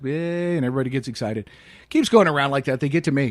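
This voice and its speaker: A middle-aged man co-hosting a casual chat show podcast tells rambling stories and acts out bits of dialogue in different voices. His medium-pitched voice is expressive and brisk, with no echo.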